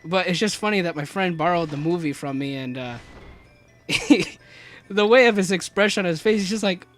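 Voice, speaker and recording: A young man giving rambling, joking commentary as he plays a video game, with lots of restarts and fillers and sudden high excited yelps. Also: moderate pace, soft background music. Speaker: let's play commentator.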